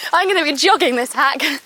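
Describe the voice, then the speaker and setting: A bright, high-voiced young woman talks to her handheld phone camera as she walks across open heathland. Her casual vlog chatter is bubbly and broken up by frequent laughs. The sound is crisp and forward. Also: fairly quick, rough recording. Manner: bubbly, laughs often between phrases. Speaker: vlogger. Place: outdoors on open forest heathland, walking.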